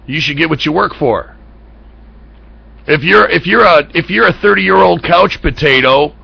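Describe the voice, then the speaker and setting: A man's voice: on the high side, vocal fry, sharp tone, slightly rough, no room sound, highs cut off. An American man hosting an internet talk show, ranting bluntly about politics with profanity and heated rhetorical questions. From United States. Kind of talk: political commentary rant.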